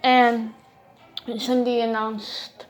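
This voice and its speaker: A woman's voice: a little high, level tone, very slow, soft background music, rough recording. A woman casually telling a creepy true story, cursing freely and retelling what everyone said. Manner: casual, swears freely, retells talk with "I'm like".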